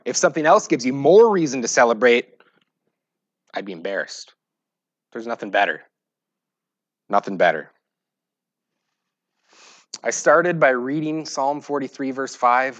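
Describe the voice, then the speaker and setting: A pastor preaching a sermon, moving between loud, emphatic scripture reading and quiet, joking asides. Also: male voice, medium pitch, sing-song, a little slow, pauses often, no echo, muffled recording. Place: church.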